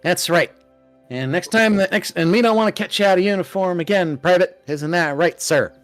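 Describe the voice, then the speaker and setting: A man's voice: normal speed, natural voice. A man voicing a small, bossy girl goblin soldier who loves giving orders. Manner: squeaky, shouty, eager to command. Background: faint ambient music.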